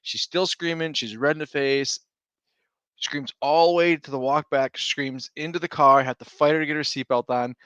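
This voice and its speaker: A man's voice: fairly high pitch, steady tone, normal speed, a bit bright, clean tone, no echo. A man in his thirties, a stay-at-home dad co-hosting a podcast, telling a long rambling story in casual chat with restarts and laughs.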